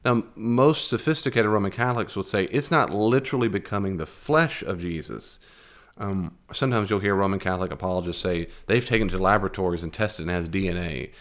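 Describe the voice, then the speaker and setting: A man with a fairly low voice teaching a Bible lesson. He talks conversationally and wanders off on tangents. He drives his points home with emphatic asides. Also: brisk, a bit bright.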